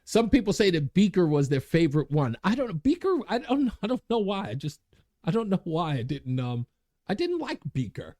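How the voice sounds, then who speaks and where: A man hosting his own show, talking in an excited, worked-up way and laughing at himself. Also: a little fast. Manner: worked-up, laughing at himself, big pitch swings. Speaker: radio show host. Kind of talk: animated commentary monologue.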